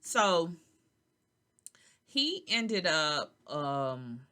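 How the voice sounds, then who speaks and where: A middle-aged woman hosts a podcast with a low voice that swings widely in pitch. She sounds tired and keeps yawning, yet she tells her story in a loose, chatty way and addresses her listeners directly. Her voice is low and pitched well below most women's. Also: sing-song, extremely slow, bright, forceful tone. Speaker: podcast host. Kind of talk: casual storytelling monologue.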